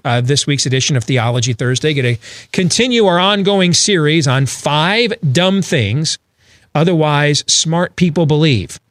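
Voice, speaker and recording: A man's voice: mid-range voice, no room sound, studio quality. A man hosting a talk radio show, from Iowa, delivering wry, sarcastic asides between segments. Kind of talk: talk radio banter and monologue.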